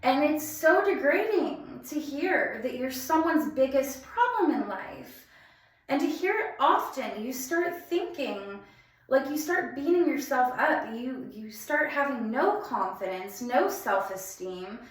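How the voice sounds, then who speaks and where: A young woman telling a painful personal story in a halting, emphatic way, often restarting her sentences. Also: high-pitched, lively intonation. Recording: very echoey room.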